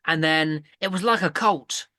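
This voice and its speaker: Bright-voiced podcast host. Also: male voice, on the high side, a little slow, no room sound, studio quality. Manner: rambling, laughs often, many restarts. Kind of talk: casual chat.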